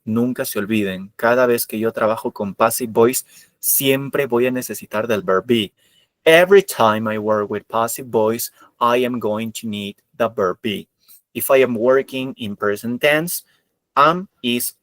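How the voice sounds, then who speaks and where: A man teaches English grammar to an online class, moving between explanations and English examples. His voice sits at a middling pitch. The sound is dry and close, with no room echo. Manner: switches between Spanish explanation and English examples, repeats key points.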